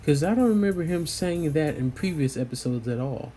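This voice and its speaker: A man's voice: a little high, expressive, normal speed, warm tone, faint music behind. A man casually recapping an anime episode in a loose, rambling way, full of fillers. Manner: rambling, loose, lots of "you know" fillers.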